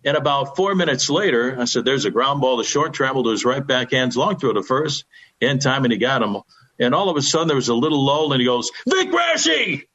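An older male sports broadcaster shares a baseball memory on a sports radio show, speaking fast in a mid-range, somewhat bright voice. His storytelling is folksy, anecdotal and reverent. The audio is a bit muffled, like a radio broadcast.

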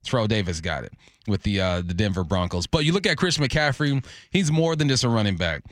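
A man co-hosting a sports radio show in a studio, giving relaxed, opinionated takes and laughing easily. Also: on the low side, brisk, no echo. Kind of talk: casual sports talk.

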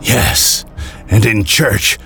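A man voicing a tormented male demon who answers in a halting, unwilling way. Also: on the low side, fairly even intonation, pushed and bright, soft background music, heavily acted. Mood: evasive.

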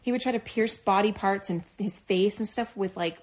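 A woman's voice: medium pitch, moderate pace. Chatty woman co-host telling stories. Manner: animated, laughing, acts out quotes. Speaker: podcast co-host. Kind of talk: casual storytelling chat.

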